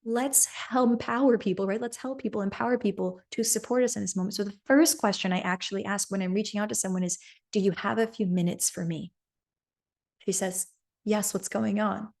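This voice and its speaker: A woman's voice: medium pitch, steady tone, fairly quick, a little mellow. A woman podcast host telling a personal story in an earnest coaching manner, often checking in with "right?".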